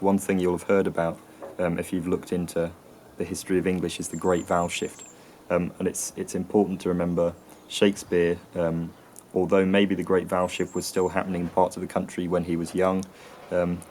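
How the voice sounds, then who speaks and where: A man hosting an educational channel, explaining in a hesitant way with many pauses, fillers and restarts. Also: low voice, a little mellow, slight background noise. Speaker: channel host explaining accents. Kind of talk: educational talk to camera.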